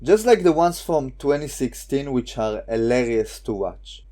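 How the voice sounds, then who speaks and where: A man's voice: mid-range voice, animated, a little slow, warm tone. A man delivering scripted online political commentary in a sarcastic, scornful way.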